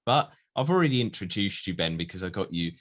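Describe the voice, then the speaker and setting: Guy with a low voice hosting a football pod, upbeat and chatty. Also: animated, quick pace, a bit bright. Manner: upbeat, laughs easily. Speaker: podcast co-host. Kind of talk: casual football podcast chat.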